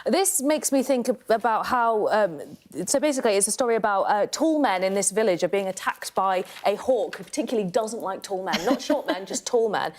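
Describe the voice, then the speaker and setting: A woman guest on a TV news paper review, giving opinions in a brisk, lively manner and laughing easily in a studio discussion. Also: medium pitch.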